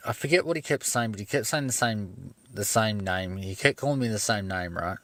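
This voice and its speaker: A man's voice: on the low side, fairly quick, few pauses, no room sound. A young man telling a story casually and with plenty of swearing on a livestream from his parked car. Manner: profane, animated storyteller.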